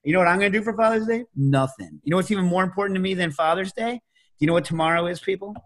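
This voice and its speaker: A middle-aged man hosting a podcast, telling stories in a casual, animated way and breaking into loud shouted impressions. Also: sits high, racing. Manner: animated storytelling, mimics loud New York shouts. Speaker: podcast host. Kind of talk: casual chat.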